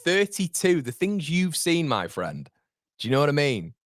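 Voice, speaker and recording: A man in his thirties hosting a live football watchalong, chatting with viewers in an animated, rambling way that jumps between laughter and fed-up rants. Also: fairly high pitch, moderate pace, no echo, studio quality. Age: 30s. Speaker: fan channel host.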